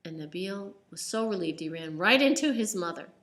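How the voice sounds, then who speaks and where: A woman telling a children's story aloud. Her voice is bright and animated, and she keeps it casual, stumbling now and then with ums and restarts. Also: lowish voice, normal speed.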